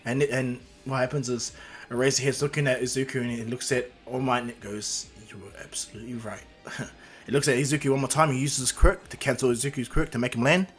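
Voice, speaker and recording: A man's voice: mid-range voice, fairly even intonation, fast talker, soft background music. A man casually retelling a fan-made story, rambling with restarts and asides.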